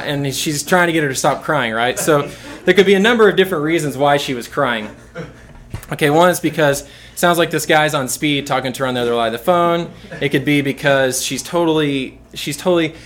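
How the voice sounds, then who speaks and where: A young man giving an informal sermon to a youth group, rambling and repeating words as he restarts his sentences. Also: mid-range voice.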